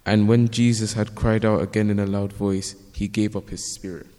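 A man reading a Bible passage aloud, steady with small slips. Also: fairly low pitch, normal speed. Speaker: scripture reader. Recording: long hall reverb.

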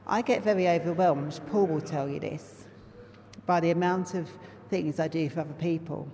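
A woman's voice: deep voice, moderate pace. A woman with a London accent shares her testimony from the front of a church, earnest and chatty with the congregation. Her voice rings out with a long reverb through a big hall, over a faint hum of the room. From England. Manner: earnest and conversational, warm asides to the congregation. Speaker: lay preacher. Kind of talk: personal testimony sermon.

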